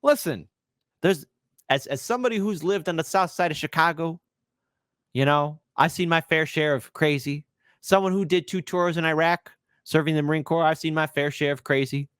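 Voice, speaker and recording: A man hosting a political commentary livestream, sarcastic and mocking, swinging between shouts and hushed asides. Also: a little high, normal speed, smooth, dry recording, clean studio sound.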